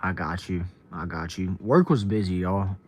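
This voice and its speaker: A young man from Texas hosts a casual livestream, reading comments aloud and greeting viewers by name. His voice sits fairly low, and his delivery stays laid-back and chatty. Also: moderate pace, slight background noise. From Texas, USA. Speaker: livestream host.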